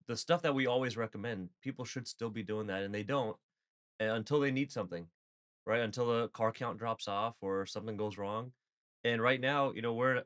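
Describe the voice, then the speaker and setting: A man's voice: medium pitch, a bit bright. A man co-hosting a casual podcast, talking loosely and steering the chat with questions. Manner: conversational, leads the topic with questions. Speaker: podcast co-host.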